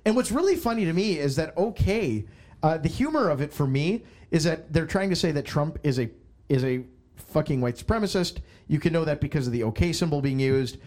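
A man's voice: fairly high pitch, lively intonation, a little fast, a little mellow. A man hosting a casual podcast chat, joking around and stumbling as he reads aloud. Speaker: podcast host.

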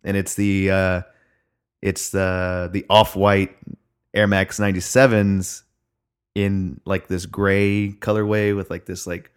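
A young man with a slightly low voice rambles through a casual story. He swears often and fills gaps with "like" and "um." He talks loosely, as he would with a friend. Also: flat delivery, takes it slowly, clear, resonant tone. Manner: rambling storytelling, heavy swearing, frequent fillers. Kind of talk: casual chat.

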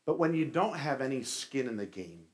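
A male pastor preaching a sermon, telling stories with animated delivery and casual asides to the congregation. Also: mid-range voice, normal speed.

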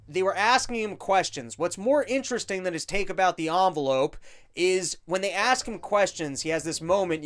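A man's voice: on the high side, fairly bright tone. A man hosting a podcast, commenting on video clips in a crude, joking, rambling way. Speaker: podcast host.

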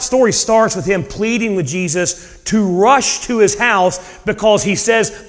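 A man preaches in a high voice, mixing old scripture wording with casual retellings of the dialogue. His words ring out with the long reverb of a church hall. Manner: preaching with paraphrased dialogue and dramatic pauses. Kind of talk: sermon.

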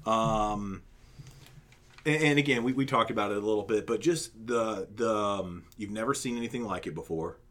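A man's voice: on the low side, moderate pace, a bit bright. A man chatting casually as a podcast co-host, rambling with fillers and restarts. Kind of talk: casual movie ranking chat.

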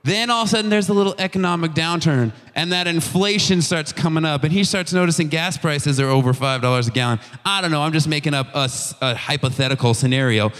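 A man's voice: a little high, fast talker, few pauses. Young male youth pastor in a reverberant hall. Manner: conversational, animated storytelling with slang and restarts. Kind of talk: casual youth sermon.

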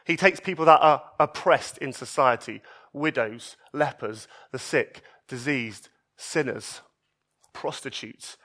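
Speaking slowly, a man preaches a sermon with real expressiveness, alternating emphatic raised passages with soft, low ones.

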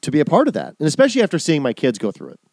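A man's voice: a little high, huge pitch swings, racing, a little mellow, no echo, studio quality. A middle-aged man co-hosting a podcast, telling a story in a rambling way, full of restarts and acted-out quotes. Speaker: podcast co-host. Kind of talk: casual chat, storytelling.

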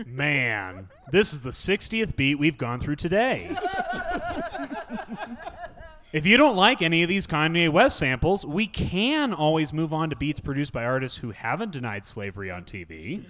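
A man's voice: fairly high pitch, sing-song, normal speed, a bit bright. A man playing a laid-back male record producer who talks in slang and coaxes an artist, in a comedy sketch. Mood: coaxing.

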